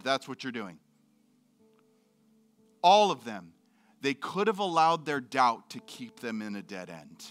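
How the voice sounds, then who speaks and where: A man's voice: medium pitch, sing-song, measured pace, long pauses, faint music behind. A middle-aged male pastor preaching a sermon in a church, candid and joking, acting out voices in his quotes.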